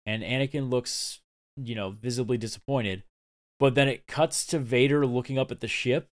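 A man co-hosts a casual podcast. His voice sits at an ordinary middle pitch, and he talks eagerly and breezily, with the odd swear word, as he walks through an episode scene by scene. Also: normal speed. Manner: enthusiastic, swearing, acts out scenes in quoted voices. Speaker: podcast co-host. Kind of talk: casual chat recapping a TV episode.

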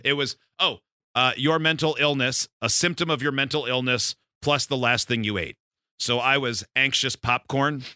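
A man's voice: medium pitch, sharp tone, clean tone, no room sound, studio quality. A man hosting a radio show, running a party game with wry, joking banter.

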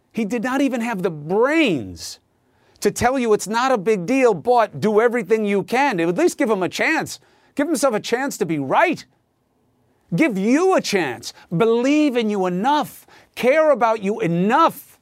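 Male news host, opinion monologue, emphatic and sarcastic, lively pitch. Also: dry recording, studio quality.

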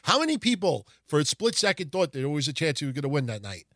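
Male podcast host, slightly high voice, dry close sound, rambling and profane. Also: fast talker, no echo. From Italian heritage. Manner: rambling, profane, animated retelling. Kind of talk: casual wrestling history podcast.

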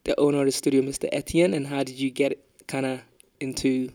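A woman hosting a casual studio interview, quick with back-channel replies and loose in her language. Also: very deep voice, little pitch movement, dark tone. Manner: frequent quick backchannels, casual swearing. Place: recording studio.

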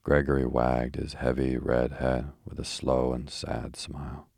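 A man reading a classic novel aloud in a slow, even, rhythmic bedtime style. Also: very deep voice, vocal fry, no room sound, studio quality. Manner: even, measured delivery. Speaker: audiobook narrator.

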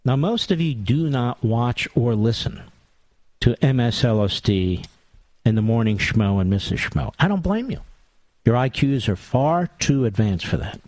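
A man's voice: medium pitch, very animated, unhurried, a little mellow, no room sound. A man hosting a talk radio monologue, sarcastic and mocking, with big theatrical swings in tone.

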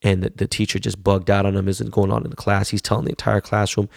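A man's voice: lowish voice, level tone, quick pace, gravelly, darkish tone, no room sound, studio quality. A middle-aged man ranting casually and bluntly, swearing heavily and repeating words when he gets worked up. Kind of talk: profane casual rant.

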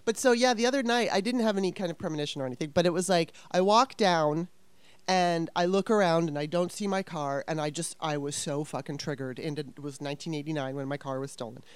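A woman's voice: deep voice, fast talker, clear, resonant tone, no room sound. A woman in her fifties telling a story casually, rambling and swearing with exasperation.

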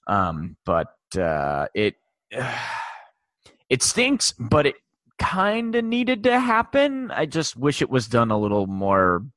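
Man in his forties, podcast host, lowish voice, dry close sound, rambling with lots of fillers. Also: fairly bright tone, no echo. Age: 40s. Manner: rambling, many fillers and restarts. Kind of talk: casual sports podcast chat.

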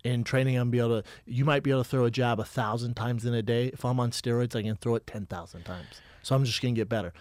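A young man from Colorado telling a story in a casual chat, animated and profane, acting out the other people's lines. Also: medium pitch, fast talker, few pauses, no echo, studio quality.

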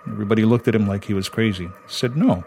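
A man from Hawaii telling a personal ghost story in a measured, dramatic, conversational way. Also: fairly low pitch, fairly even intonation, darkish tone, a little hiss or hum. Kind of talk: spoken storytelling. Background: music.

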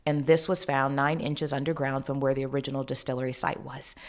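A woman's voice: extremely low pitch, brisk. A woman interviewed as a guest, telling a story with energy and acting out the people she quotes. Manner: lively storyteller who acts out quoted dialogue.

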